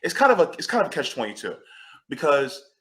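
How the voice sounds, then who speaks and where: A man speaking as a panelist in a discussion, animated and emphatic, swearing when riled. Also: on the high side, fast.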